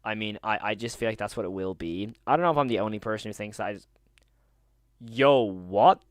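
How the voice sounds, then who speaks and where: A man's voice: on the low side, very fast, no echo, clean studio sound. A man streaming live, chatting casually to his viewers with slangy, rambling talk and frequent laughter.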